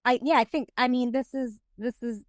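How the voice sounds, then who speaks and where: A woman's voice: a little high, fairly even intonation, dry recording, studio quality. A woman hosting a podcast interview, asking questions with frequent restarts. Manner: halting, many restarts when asking questions. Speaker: podcast host.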